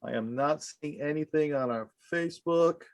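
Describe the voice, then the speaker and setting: A man chairing a commission meeting on a video call, informal and halting with many fillers. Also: a little high, no room sound.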